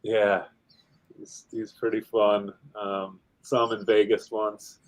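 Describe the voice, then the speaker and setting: A man's voice: on the low side, flat delivery, slow, poor audio. A man hosting a casual livestream show, chatting in a laid-back, rambling way with lots of fillers. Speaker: podcast host.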